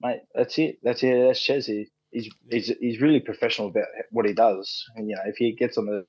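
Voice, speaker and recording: Australian guy, 30s, podcast guest; relaxed, rambling, sweary; mid pitch, dry dull audio. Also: a little fast, husky, no echo. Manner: laid-back, frequent fillers and restarts, swears freely. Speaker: podcast guest, rugby league player. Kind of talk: casual chat, storytelling.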